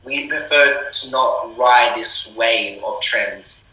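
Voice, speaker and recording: A young Australian rapper, appearing as a guest in a casual interview, speaks earnestly and repeats words to drive his points home. His medium-pitched voice is slow, pushed and bright. Recorded from a distant, off-mic position, it has a roomy sound.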